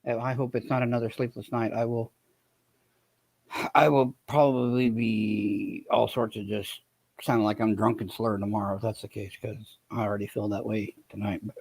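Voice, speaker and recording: A man's voice: lowish voice, flat delivery, normal speed, creaky, a little mellow, husky. A man hosting a casual livestream chat, greeting viewers by name, tired and in pain. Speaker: livestream host.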